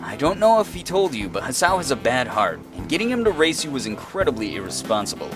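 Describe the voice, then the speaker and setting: A calm, wry male school nurse from a visual novel game, read out by a man. He drawls his lines dryly and unbothered, with a voice that still rises and falls in lively turns. Faint game music sits in the background. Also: mid-range voice, fast talker, close to an everyday voice.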